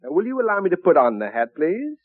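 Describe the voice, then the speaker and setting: An actor playing a flustered, glib professor husband in a 1950s radio sitcom. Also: male voice, high-pitched, huge pitch swings, no room sound, exaggerated voice. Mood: wry. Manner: flustered, fast excuses. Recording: tinny old radio broadcast, dry.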